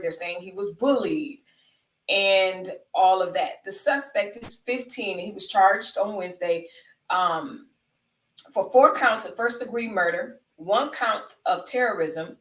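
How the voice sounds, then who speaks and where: An American woman hosts a live stream, commenting on the news and talking with her chat emphatically and conversationally, repeating points for emphasis. Her mid-range voice is unhurried and a bit bright, recorded from a distance with a roomy sound away from the mic.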